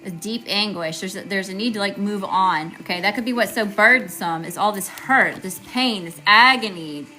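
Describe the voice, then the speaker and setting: A woman's voice: mid-range voice, normal speed, bright, forceful tone, faint music behind. A woman giving a live tarot reading, chatty and informal, greeting viewers and often checking in with "okay?". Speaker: tarot reader.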